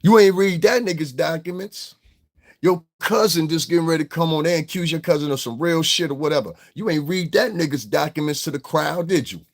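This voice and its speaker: A man's voice: fairly high pitch, a little fast. Blunt, profane man ranting to his chat. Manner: mimics others in mocking voices. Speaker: online show host. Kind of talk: casual livestream rant.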